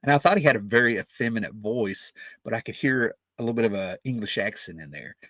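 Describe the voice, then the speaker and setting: A man's voice: lowish voice, animated, quick pace, a bit bright, no echo. A man in his fifties telling a rambling, casual story as a music vlogger, often checking in with "right?" and "you know".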